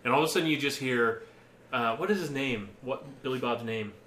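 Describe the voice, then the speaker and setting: A man in casual podcast chat, an animated storyteller who laughs often and acts out movie lines. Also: mid-range voice, fairly quick, roomy sound, slight background noise.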